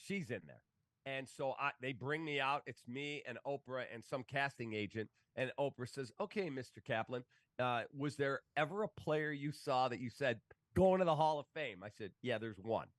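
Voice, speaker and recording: A sports broadcaster spins stories in a relaxed chat, jumping into other people's voices as he goes. His voice sits at an ordinary pitch for a man. The room sound is dry and close. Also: moderate pace, no echo. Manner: animated, acts out quoted voices. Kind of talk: casual storytelling.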